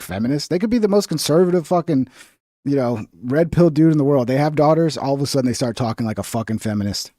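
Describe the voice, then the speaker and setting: A man's voice: medium pitch, warm tone, dry recording, clean studio sound. A man hosting a stream, giving blunt, profane reaction commentary in a ranting way. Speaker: streamer host.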